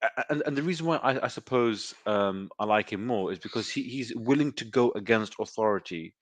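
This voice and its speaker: Low-voiced, hesitant man hosting an interview. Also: brisk, dry recording. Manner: thoughtful, hesitant, many fillers. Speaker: host. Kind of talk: conversational interview.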